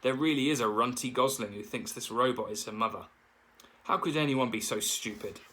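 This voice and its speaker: A man's voice: mid-range voice, brisk, bright, forceful tone. A man voicing a bossy, sarcastic young female bear who turns menacing.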